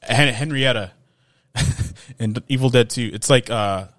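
A man's voice: mid-range voice, measured pace, fairly bright tone, no room sound, clean studio sound. A man co-hosting a casual film podcast, laid-back and chuckling, often trailing off mid-sentence. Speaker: podcast co-host.

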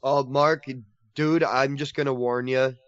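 A man co-hosting a casual podcast, talking with excitable enthusiasm and laughing often. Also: medium pitch, measured pace, clear, resonant tone, no room sound, muffled recording. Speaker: podcast co-host covering horror collectibles.

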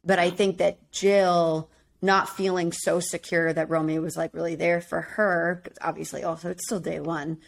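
A woman's voice: on the low side, little pitch movement, normal speed, creaky. A woman co-hosting a podcast in a casual chat, talking in a chatty way full of "like" and laughing often. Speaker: podcast co-host. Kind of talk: casual chat recapping a reality show.

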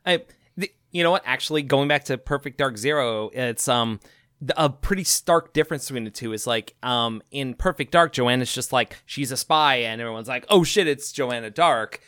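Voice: mid-range voice, normal speed, fairly bright tone, smooth, no echo, clean studio sound. A podcast co-host in casual chat, hesitant, with many fillers and restarts.

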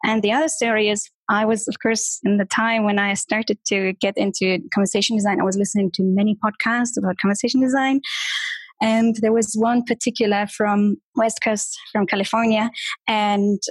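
Brief: woman, podcast guest, playful and lively, mid pitch, dry sound. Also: normal speed, dry recording. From Germany. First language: German. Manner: lively, playful imitations of voices. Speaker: guest, conversation designer. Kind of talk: podcast interview.

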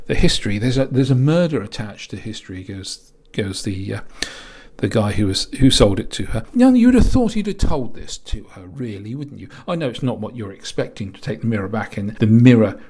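A man's voice: fairly low pitch, sing-song, normal speed, darkish tone, breathy edge. A man reviewing an old horror film in a rambling, chatty way with asides.

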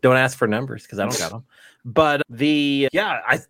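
A man's voice: mid-range voice, normal speed, a bit bright, no room sound. A man hosting a podcast in casual chat, rambling and laughing through his words. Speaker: podcast host.

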